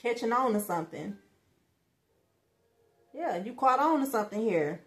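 This tarot reader's voice is fairly high and fairly bright, expressive and moderately paced. Addressing viewers directly in casual slang, she's blunt, swears plenty, stresses her points hard and often breaks into laughter.

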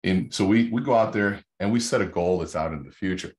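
A middle-aged guest sales coach explains research in an energetic talk, drawing on a whiteboard as he teaches. His low voice is brisk, darkish, and slightly breathy, and he leans on emphatic storytelling and quoted dialogue.

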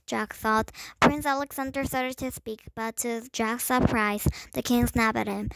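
A woman with a higher voice reads a children's chapter book aloud. She raises her tone a little for each character's line and now and then trips over a word. The sound is dry and close, with no room echo. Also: fairly even intonation, a little slow, vocal fry, hardly any pauses, fairly bright tone. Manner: lifts her voice slightly for characters' lines; occasional small stumbles while reading. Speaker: storybook reader.

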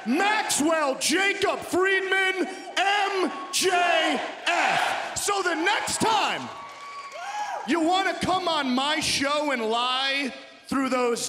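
Man, from Long Island New York, shouted wrestling promo, boastful mocking trash talk, very high voice, echoey arena with audible crowd. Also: lively intonation, very slow, background noise. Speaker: pro wrestler. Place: large indoor arena.

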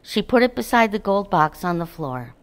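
A woman reading a children's storybook aloud, calm, gentle and unhurried. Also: mid-range voice. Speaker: narrator.

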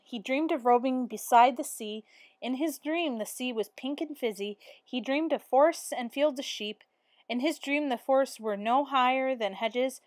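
A woman's voice: sits high, no echo, studio quality. Woman reading a storybook aloud. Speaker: teacher. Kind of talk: reading a picture book aloud.

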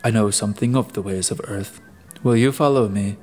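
A courteous, aloof older scientist, read by a man. He speaks in measured, polite phrases with a low voice. Soft music sits beneath the storybook reading. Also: lightly acted. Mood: cool.

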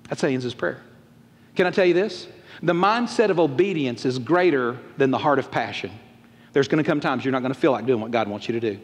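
A pastor preaching a folksy, animated sermon and acting out quotes. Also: male voice, a little high, brisk. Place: church auditorium. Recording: long reverb of a large church hall.

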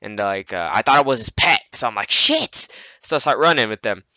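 Male gamer, casual rambling commentary, constant profanity, sharp tone. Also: lowish voice, lively intonation, quick pace, no room sound. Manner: rambling, heavy swearing. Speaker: gameplay commentator. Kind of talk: casual narration over gameplay footage.

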